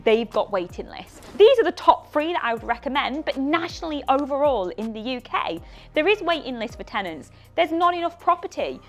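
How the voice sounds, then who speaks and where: A woman's voice: fairly high pitch, fairly bright tone. A middle-aged woman presenting property investment tips to camera in a punchy, enthusiastic, persuasive way. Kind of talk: scripted-feeling direct-to-camera explainer.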